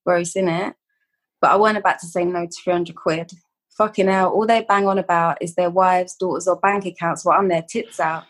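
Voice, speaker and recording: A woman's voice: fairly low pitch, fairly even intonation, fairly quick. A woman, a poet guest reading her work in a blunt, slangy voice and then chatting casually. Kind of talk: poetry reading and casual chat.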